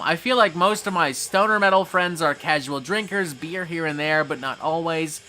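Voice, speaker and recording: A man's voice: on the high side, animated, moderate pace, bright, forceful tone, soft background music. A man hosting a casual livestream, reading chat messages aloud and reacting with frequent swearing.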